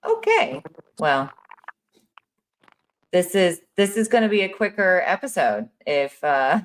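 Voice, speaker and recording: A woman hosting a live video-call show, rambling and interrupting herself with jokes and restarts. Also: medium pitch. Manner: rambling, self-interrupting, joking. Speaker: host. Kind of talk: casual live-stream chat.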